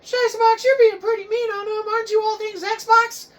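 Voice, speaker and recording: A man voicing a nitpicking male heckler in a squeaky, mocking whine within a comedy rant. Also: level tone, normal speed. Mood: nagging. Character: nitpicking heckling male viewer, whiny and high. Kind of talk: comedic rant with acted voices.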